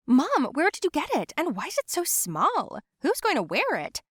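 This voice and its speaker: A woman voicing a rude, snappy teenage sister in an animated storybook. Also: high-pitched, normal speed, no room sound, clean studio sound, pitched above the performer's own voice, exaggerated voice. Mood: sharp. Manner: sharp, rude.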